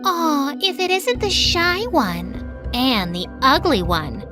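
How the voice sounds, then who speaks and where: Mocking mean-girl teen, voiced by a woman; high, animated, music bed. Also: slow, exaggerated voice. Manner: sneering, mocking. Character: snide mean-girl teenage twin.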